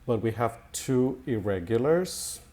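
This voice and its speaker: A man teaching an Italian grammar lesson in a slow, halting way, with many fillers and repeated words. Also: medium pitch, lively intonation, warm tone. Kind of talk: recorded language lesson.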